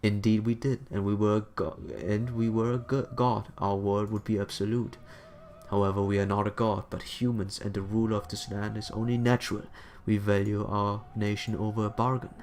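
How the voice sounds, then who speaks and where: A man's voice: fairly low pitch, little pitch movement, normal speed, a little mellow, soft background music, close to an everyday voice. A man doing a haughty ancient emperor, royal we. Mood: cold. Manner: haughty, cold.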